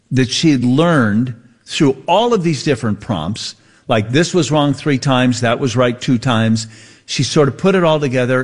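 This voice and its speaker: Laid-back radio guy rambling through a story, mid-pitched, totally casual. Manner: easygoing storyteller, drawn-out anecdotes. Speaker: radio show co-host. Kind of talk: casual on-air chat.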